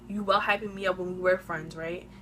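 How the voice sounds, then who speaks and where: A woman of twenty-one telling a casual storytime on her own channel, animated and slang-heavy, eating while she talks into a phone camera. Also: fairly low pitch, fairly quick, slight background noise. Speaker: vlogger.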